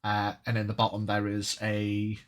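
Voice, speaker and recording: A man's voice: fairly low pitch, monotone, moderate pace, clear, resonant tone. A man narrating as game master in a casual, rambling way, laughing often.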